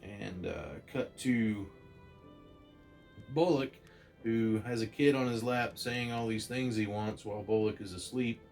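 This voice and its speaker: Guy with a lowish voice rambling excitedly through a comic story, faint music behind. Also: a little slow. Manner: rambling, excited retelling with restarts. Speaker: comic book reviewer. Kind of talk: casual comic retelling.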